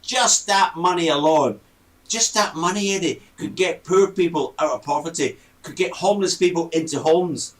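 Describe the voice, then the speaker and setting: A man co-hosting a casual talk show, ranting in an animated way. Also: a little high, normal speed, far from the mic, low-quality recording. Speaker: co-host. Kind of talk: casual chat.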